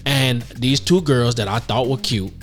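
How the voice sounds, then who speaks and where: A man's voice: mid-range voice, unhurried. A man in his fifties, co-hosting a podcast in casual chat, telling self-mocking stories with frequent laughs. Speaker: podcast co-host.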